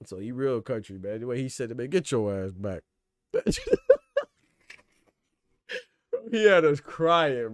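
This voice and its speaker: A man's voice: mid-range voice, darkish tone, no room sound. A man hosting a casual boxing podcast livestream, talking loosely in slang and laughing often. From Florida.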